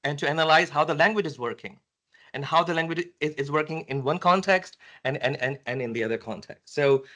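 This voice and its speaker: Fairly high-pitched, bright, and forceful, a man's voice moves a little fast as he answers an academic conference question in a university lecture room. Despite the force, he hesitates, restarting repeatedly and using many fillers.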